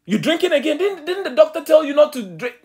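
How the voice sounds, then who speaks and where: A man's voice: very high-pitched, big pitch swings, fast, darkish tone, pitched above the performer's own voice, exaggerated voice. A man voicing the apostle Peter as a flustered, incredulous man denying he knows his master. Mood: flustered denial. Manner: frantic, incredulous brush-offs.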